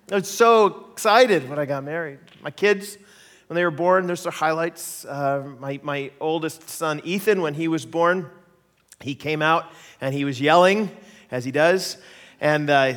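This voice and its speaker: A middle-aged man preaching, telling personal stories in an animated way, laughing and acting out the voices he quotes. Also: fairly high pitch, a little slow. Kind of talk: sermon storytelling. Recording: long hall reverb.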